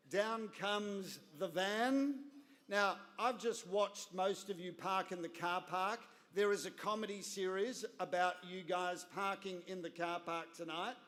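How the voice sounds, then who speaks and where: An Australian man in his fifties tells a story at a gala dinner, slow and deliberate, landing each wry line with comic timing. His voice sits fairly high, and a long reverb from the big banquet hall trails every phrase. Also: a bit bright. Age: 50s. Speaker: guest speaker at a gala dinner. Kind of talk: humorous storytelling speech.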